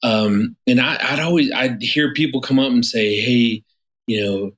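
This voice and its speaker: A man's voice: mid-range voice, moderate pace, fairly bright tone, low-quality recording. A man in his fifties, a marriage therapist guest, telling stories in a casual interview with many restarts and fillers.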